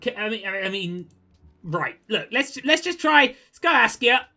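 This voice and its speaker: Bright-voiced young man narrating gameplay. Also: high voice, animated, a little slow, gravelly. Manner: chatty, easily exasperated, jokey asides. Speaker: gaming video creator. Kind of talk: casual gameplay commentary.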